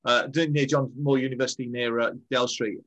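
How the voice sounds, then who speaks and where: Bright-toned man telling a wry story. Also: mid-range voice, fairly even intonation, a little fast, rough recording. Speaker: regular panelist. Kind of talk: casual anecdotal chat over a video call. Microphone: video call.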